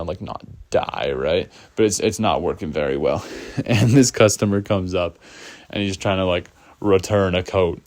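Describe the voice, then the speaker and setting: A man with a deep voice tells a personal story in a loose, rambling way, leaning on fillers as he goes. The recording is dry and close, with no room sound. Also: no room sound. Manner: rambling, full of "like" fillers, laughs often. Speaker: storyteller vlogger. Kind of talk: casual storytime.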